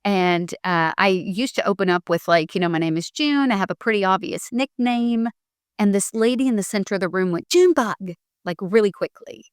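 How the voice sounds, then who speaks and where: A woman comedian telling stories in a relaxed podcast conversation, earnest and chatty. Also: mid-range voice, brisk, smooth, no room sound, clean studio sound. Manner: storytelling, earnest. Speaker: comedian guest. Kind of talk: casual podcast chat.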